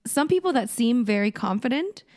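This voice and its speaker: A woman's voice: fairly high pitch, animated, darkish tone. Thoughtful woman podcast co-host. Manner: thoughtful, measured, hedging. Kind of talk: casual chat.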